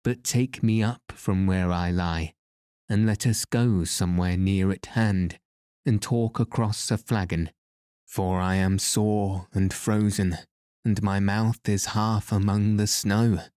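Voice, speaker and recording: A man's voice: lowish voice, fairly even intonation, slow, a little mellow, clear, resonant tone, dry recording, clean studio sound. A man reading aloud as a bold young captive who coaxes his captors in old-fashioned speech. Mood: persuasive. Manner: archaic, coaxing speech.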